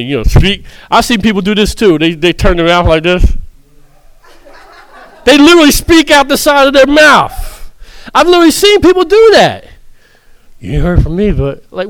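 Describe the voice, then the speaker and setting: A man's voice: high-pitched, clean tone, no room sound. A man preaching a sermon in a humorous, conversational way, often laughing.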